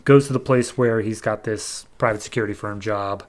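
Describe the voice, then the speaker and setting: A podcast host with a lowish voice and a brisk pace casually recaps a comic issue. His storytelling is loose and conversational, peppered with "he's like."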